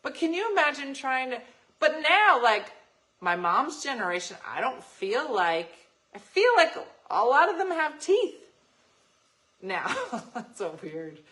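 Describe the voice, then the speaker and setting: Chatty lady host with a bright voice, laughs a lot, big swings up and down while she tells stories. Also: high voice, unhurried, poor audio. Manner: animated and laughing, acts out voices in anecdotes. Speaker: radio show host. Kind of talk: casual chat, storytelling.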